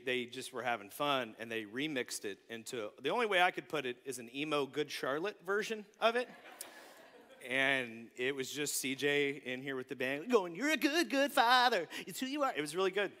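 A man preaching a sermon in a church, animated and joking, acting out the voices of people he quotes. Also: mid-range voice, in a large hall. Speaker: pastor. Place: church sanctuary.

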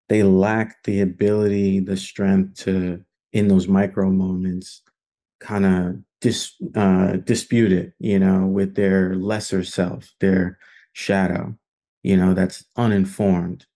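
A man's voice: sits low, dark tone. A man leading an online film study group, talking in an earnest, conversational way with plenty of fillers. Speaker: discussion leader.

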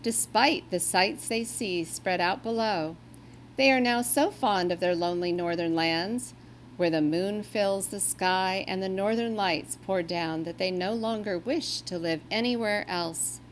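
A woman reading a children's story aloud in a gentle, expressive storytelling way. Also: medium pitch, a little slow, slight background noise.

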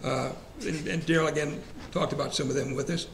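A man's voice: on the high side, steady tone, brisk, vocal fry. A man leading a church Bible study class in a conversational way, asking the group questions and repeating verse references. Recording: echoey room, faint ambient hiss.

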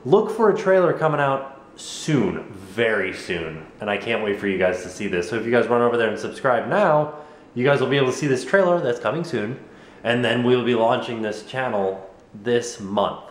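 A young American man vlogging at home in a goofy, rambling, jokey way. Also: medium pitch. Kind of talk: casual vlog chat to camera. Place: home living room. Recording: echoey room.

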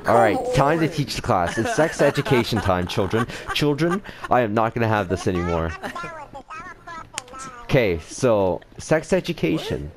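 A gaming video host with a lowish, very animated voice speaks at normal speed in busy online voice chat with many players audible. He plays a mock-stern, exasperated teacher in the game chat and laughs often.

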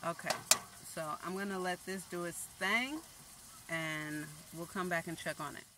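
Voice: medium pitch, steady tone, moderate pace. Playful cooking vlogger over a sizzling pan. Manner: playful, chatty, self-teasing. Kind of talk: casual chat while cooking. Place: home kitchen. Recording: noisy kitchen with frying sizzle. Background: sizzling pan and stirring.

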